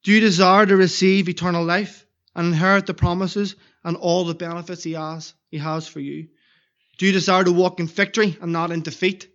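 A man's voice: high-pitched, fairly even intonation, brisk, a bit bright, dull audio. A man preaching an evangelistic sermon in a church, earnestly pleading with repeated questions.

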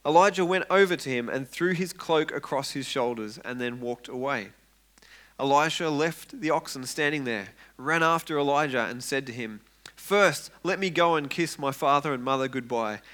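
A man preaching a sermon, retelling a story with lively acted-out quotes and frequent repeated words. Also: mid-range voice, moderate pace. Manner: animated, acts out quoted voices, repeats words when excited.

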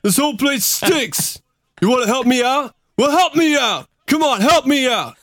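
A man's voice: extremely high pitch, expressive, moderate pace, no room sound, studio quality, voice pushed up, full character voice. A man doing a bitter worn-out Rocky. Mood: bitter, pleading. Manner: loud, raw, rising anguished film-quote delivery. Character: worn-out aging male boxer, bitter and pleading. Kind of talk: movie quote impression.

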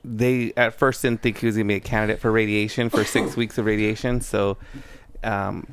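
A man co-hosting a podcast who talks in casual chat, soft-spoken and hesitant, with many pauses and ums. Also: on the low side, little pitch movement, clear, resonant tone. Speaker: podcast co-host.

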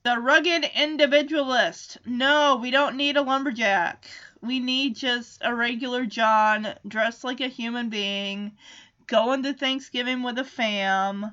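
A woman with a high, bright voice talks through a cartoon episode in casual recap style. She is sarcastic and animated and keeps dropping into quick character voices. The recording sounds a bit dull and lo-fi. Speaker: cartoon reviewer.

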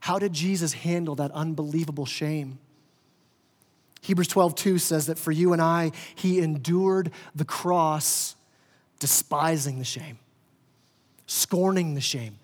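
A male pastor preaches in a high, lifting voice, surging loud and then sinking quiet, repeating words as he builds. His voice carries a long reverb in a church hall. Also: takes it slowly. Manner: impassioned, rising and falling in volume, stammering restarts. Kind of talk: sermon. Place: church sanctuary.

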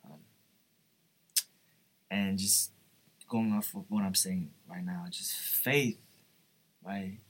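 A man's voice: deep voice, steady tone, slow pace, long pauses. A young man giving an earnest, informal devotional talk, often asking "right?" and "you know". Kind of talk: informal sermon.

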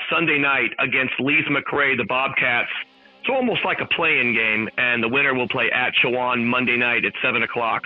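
A man calling in as a sports announcer, telling an excited, jokey story at a rapid clip. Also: mid-range voice, no room sound. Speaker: guest, sports play-by-play announcer. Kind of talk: animated storytelling chat. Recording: tinny phone line.

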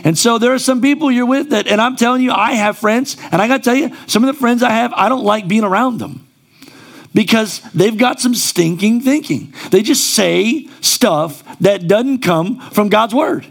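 Man, pastor, sermon in a church, high voice, gravelly fry, conversational with emphatic bursts. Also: normal speed. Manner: conversational preaching, rising to emphatic exclamations.

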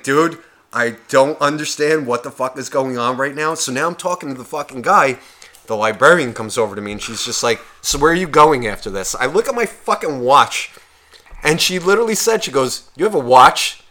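A man's voice: fairly high pitch, expressive, normal speed, sharp tone. A young man casually telling a long, profanity-filled bar story on a podcast, acting out everyone's lines. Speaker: podcast co-host.

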